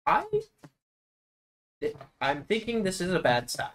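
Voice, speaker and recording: A man's voice: high voice, very animated, takes it slowly, fairly bright tone. A man playing a tabletop game, asking anxious, joking questions. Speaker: player. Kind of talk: casual tabletop play.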